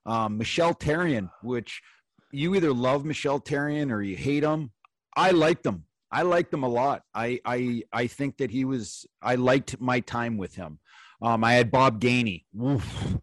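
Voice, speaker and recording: A man in the host's chair recalling old coaches in loose, halting sentences padded with fillers. His voice sits at an ordinary middle pitch and is recorded close and dry, with no room sound. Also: dry recording. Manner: rambling, halting storytelling with fillers. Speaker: podcast host, former pro hockey player. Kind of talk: casual chat.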